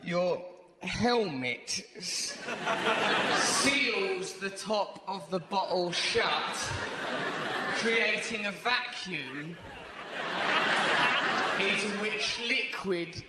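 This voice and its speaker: A man's voice: high-pitched, drawn-out words, pauses often, a loud crowd, heavy background noise. A man telling a rambling stand-up comedy story on stage, throwing in "right?" all the time. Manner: rambling, animated, lots of "right?". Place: large theatre stage. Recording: echoey live theatre hall. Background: audience laughter.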